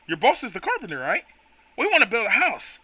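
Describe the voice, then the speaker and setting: An earnest young creature hero politely asks for help, read by a man. The voice is bright and lively, with a dry, close sound. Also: very high-pitched, brisk, slightly rough, dry recording, full character voice. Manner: polite, pleading.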